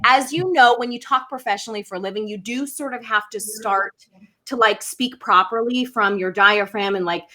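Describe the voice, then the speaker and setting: A woman in her thirties, a former news anchor, chatting as an interview guest, quick and laughing often. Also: fairly high pitch. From Pittsburgh. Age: 30s. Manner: warm laughing, quick effusive talk. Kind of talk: casual interview chat.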